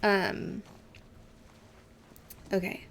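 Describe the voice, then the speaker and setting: A young woman streams a game and chats with her viewers at an unhurried pace. She laughs easily and leans on casual fillers between thoughts, sounding relaxed. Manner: chatty, giggly, with many fillers. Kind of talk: casual gameplay chat with chat reading.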